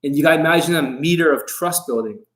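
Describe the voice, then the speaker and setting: A man's voice: fairly high pitch, fast talker, fairly bright tone, rough recording. A man coaching on dating in a livestream monologue, brash and combative, swearing often and boasting about himself in the third person.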